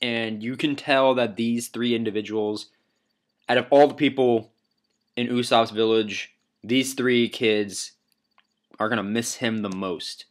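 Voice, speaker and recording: A man's voice: medium pitch, steady tone, unhurried. A man talking through a countdown list in casual vlog style, rambling with lots of fillers and casual swearing. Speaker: anime vlogger ranking moments.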